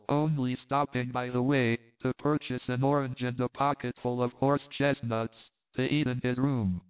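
A man narrating a novel aloud in a measured, even storytelling manner, heard through a tinny phone-like sound. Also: medium pitch, smooth. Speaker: audiobook reader. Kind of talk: scripted narration.

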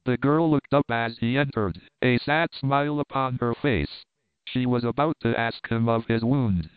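Casting: man, audiobook narrator, smooth clear voice, dry, thin phone-like recording. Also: medium pitch, no room sound. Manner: steady, even storytelling. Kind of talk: scripted narration.

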